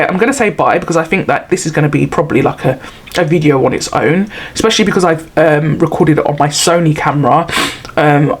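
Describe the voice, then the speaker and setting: A woman's voice: sits low, husky. Chatty middle-aged woman vlogging. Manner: rambling, chatty and self-mocking. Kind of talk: casual chat to camera.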